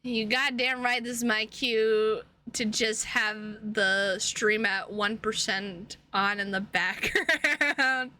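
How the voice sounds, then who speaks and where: Bright high-voiced goofy woman streamer. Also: slow pace, few pauses, slight background noise. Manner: goofy, rambling, jokey, lots of laughing. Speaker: streamer playing a visual novel. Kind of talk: casual streaming chat. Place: home room.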